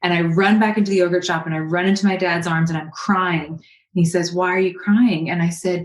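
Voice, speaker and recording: A woman from California, a guest coach on an interview podcast, telling a personal story in a lively, animated way. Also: fairly low pitch, a little fast, roomy sound. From Berkeley, California.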